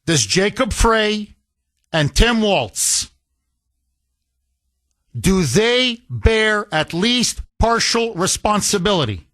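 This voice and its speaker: A man's voice: high-pitched, very animated, slow pace, long pauses, fairly bright tone. A man hosting a talk radio show, delivering a fiery, combative monologue that leans on repetition. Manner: impassioned, combative, repetitive rhetoric.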